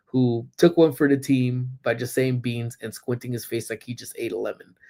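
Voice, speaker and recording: A man hosts a loose, unscripted live-stream chat from his parked car. He rambles through stories with frequent ums and gets blunt and salty when something irritates him. His voice sits at a middle pitch with a gravelly fry running through it. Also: steady tone, normal speed, mellow. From Southern California. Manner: rambling storyteller with many ums, blunt and profane when annoyed. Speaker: livestream host. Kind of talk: casual live-stream chat, reading chat comments aloud.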